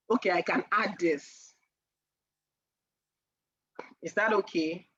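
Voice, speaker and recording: A woman teaching persuasion on a casual live stream, animated and laughing often as she acts out sales lines. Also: on the low side, normal speed, hardly any pauses, husky, lo-fi sound.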